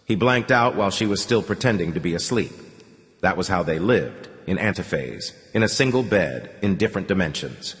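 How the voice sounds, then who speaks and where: A man reading an audiobook in measured, somber scripted narration. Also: low voice, expressive, a bit bright. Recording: long reverb.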